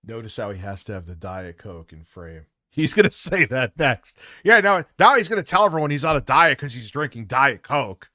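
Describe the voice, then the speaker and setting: A man's voice: mid-range voice, sing-song, brisk, few pauses, pushed and bright, dry recording, studio quality. A man hosting a livestream, reacting to clips with mocking, combative commentary. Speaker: livestream host.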